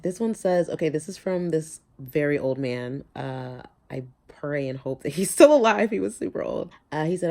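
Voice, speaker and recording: A woman's voice: sits low, expressive, normal speed, hardly any pauses, dark tone. A young woman vlogging about her own life, candid and often close to tears, trailing off and laughing through it. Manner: tearful, breaks off mid-sentence, laughs through tears. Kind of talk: emotional personal vlog.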